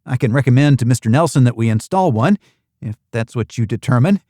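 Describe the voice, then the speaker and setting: A man's voice: mid-range voice, expressive, fairly quick, warm tone, dry recording, clean studio sound, close to an everyday voice. A man voicing a polite young woman from the United States who works as a host at an island retreat, speaking courteously and eager to please.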